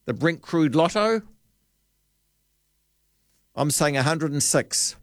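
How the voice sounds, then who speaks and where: A man's voice: fairly high pitch, expressive, slow pace, no room sound. A man hosting a talkback radio show, rambling and joking as he thinks aloud at a studio microphone. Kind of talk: casual radio chat.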